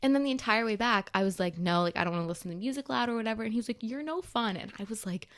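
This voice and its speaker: A young woman co-hosting a podcast, telling a story in an animated, exasperated rush, full of "like"s. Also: mid-range voice. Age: young adult. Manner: animated, rushed, exasperated retelling with many "like"s. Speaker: podcast co-host. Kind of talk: casual storytelling.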